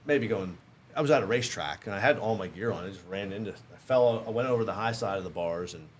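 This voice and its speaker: A man's voice: on the low side, fast talker, slight background noise. A man in his fifties telling a casual, self-mocking story as a podcast guest. He acts out the other people in the story as he goes. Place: podcast studio.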